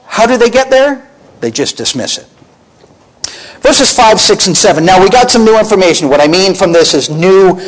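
A man's voice: high voice, lively intonation, moderate pace, rough recording. A man teaching from the Bible as a preacher, emphatic and full of rhetorical questions to his listeners.

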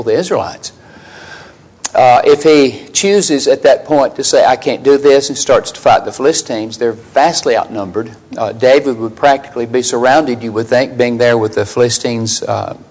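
A man with a slightly mellow voice, captured on a low-quality recording, works through a Bible passage verse by verse. He speaks conversationally, poses rhetorical questions to listeners, and acts out the quoted lines by raising his pitch.

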